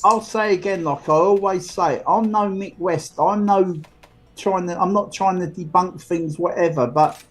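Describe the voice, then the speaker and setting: A man's voice: high-pitched, measured pace. A man who is a regular guest on a podcast, talking bluntly and jokily, swearing freely. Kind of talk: casual podcast banter.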